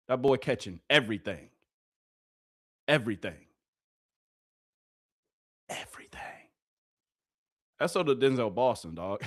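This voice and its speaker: Hyped man commentating football clips. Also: mid-range voice. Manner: hyped, chatty, laughing, slangy. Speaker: sports video host. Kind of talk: casual live commentary over game clips.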